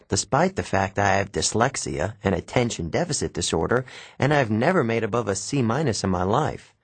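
Husky, lively male audiobook narrator. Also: mid-range voice, dry recording. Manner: casual, conversational teen voice. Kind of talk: first-person novel narration.

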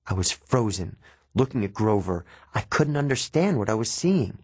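A man narrating a first-person audiobook with measured, expressive storytelling. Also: fairly low pitch, husky, dry recording.

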